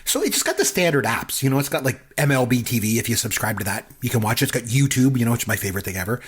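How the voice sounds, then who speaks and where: Fast rambly podcast guy, husky, pitch bouncing around a lot. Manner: rambling, animated storytelling with many fillers. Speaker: podcast co-host. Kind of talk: casual chat.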